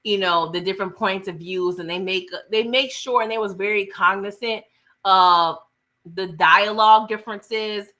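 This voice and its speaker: A woman's voice: mid-range voice, moderate pace, sharp tone. A woman hosting a casual TV recap, retelling scenes in a chatty, slangy way. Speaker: TV recap host.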